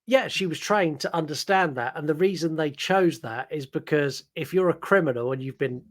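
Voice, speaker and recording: A man's voice: fairly high pitch, normal speed. A man co-hosting a podcast, chatting casually and rambling through a film recap with many "like"s and "um"s. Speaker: podcast co-host.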